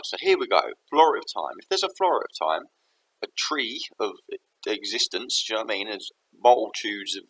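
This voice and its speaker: A man's voice: sits low, a bit bright, breathy edge, poor audio. A man thinking aloud to camera in a rambling, self-interrupting way. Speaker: vlogger.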